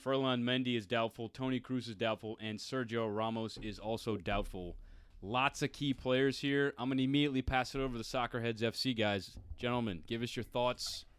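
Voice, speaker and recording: A man's voice: medium pitch, fairly even intonation, a little fast, clear, resonant tone, no room sound. A man co-hosting a casual soccer podcast, joking around and rattling off team news with hype. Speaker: podcast co-host.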